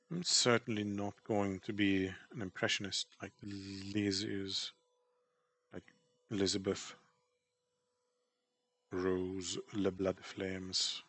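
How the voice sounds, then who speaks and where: A man's voice: sits low, a bit bright, slightly rough. A man chatting casually while drawing on stream, rambling and self-deprecating about his work. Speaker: artist streamer.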